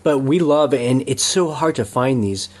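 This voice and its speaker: A man's voice: mid-range voice, normal speed, darkish tone. A man co-hosting a podcast in an easygoing, casual chat, often repeating words as he thinks. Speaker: podcast co-host.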